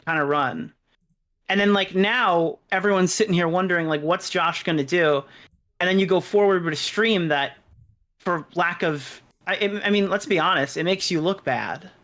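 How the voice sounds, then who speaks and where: A man with a slightly high voice calmly questions a guest on a call. He lays out points one by one and presses for an answer without raising his voice. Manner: calm, probing.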